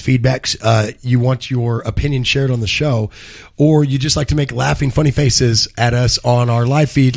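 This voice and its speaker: Casual male co-host, gravelly voice, wanders off track and swears freely. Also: medium pitch. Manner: rambling, profane, self-correcting. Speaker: co-host of a live cannabis news show. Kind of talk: casual live show banter and news commentary.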